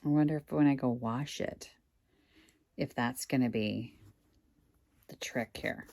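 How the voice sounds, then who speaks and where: Low, gravelly woman musing wryly. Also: measured pace, warm tone, no echo, clean studio sound. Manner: wry, muttering to herself with asides to viewers. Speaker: online reseller vlogger. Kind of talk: casual thinking aloud while working. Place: indoors at home.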